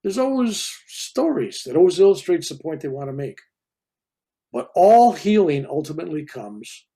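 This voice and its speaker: An older man in his seventies, a reverend, telling a personal story in a loose, animated way and acting out the people in it. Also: fairly high pitch, slightly rough. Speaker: reverend and guest speaker. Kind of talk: casual storytelling interview.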